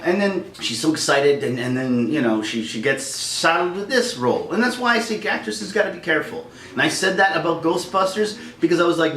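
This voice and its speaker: A middle-aged man rants with heated energy, his pitch swinging wildly as he acts out voices. His voice sits a bit high for a man. The room is echoey, the mic is some distance away, and faint noise hums underneath. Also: fairly bright tone. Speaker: vlogger. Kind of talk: angry rant.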